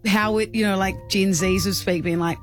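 A woman's voice: mid-range voice, fairly even intonation, normal speed, faint music behind. Woman, Australian accent, radio host, playful teasing banter, laughs a lot, studio mic.

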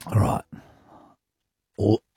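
An Australian man hosting a radio quiz, reading questions briskly and teasing the players. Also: dark tone, no room sound. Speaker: radio host and quizmaster.

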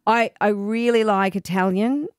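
A woman's voice: medium pitch, fairly even intonation, clear, resonant tone, no room sound, studio quality. A woman with an Australian accent, co-hosting a radio show and chatting in a teasing way. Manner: chatty, quick to correct and tease. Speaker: radio co-host. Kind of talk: casual radio banter.

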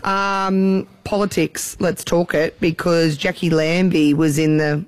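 A man's voice: a little high, flat delivery, takes it slowly, no echo. A man with an Australian accent co-hosting breakfast radio, chatting in a rambling way. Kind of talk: casual radio banter.

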